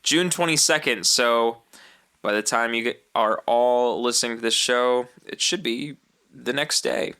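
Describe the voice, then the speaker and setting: A man's voice: medium pitch, unhurried, bright, forceful tone, smooth. A man co-hosting a film podcast in casual chat, playful and reading out film details. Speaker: podcast co-host.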